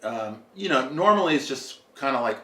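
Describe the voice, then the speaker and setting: A man tells a story as a podcast guest in a loose, rambling way, full of fillers and quick laughs. He sits a little back from the microphone, and the room around him rings noticeably. His pitch sits in an ordinary middle range. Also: expressive, pushed and bright, distant mic. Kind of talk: casual storytelling. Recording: roomy, a little off-mic.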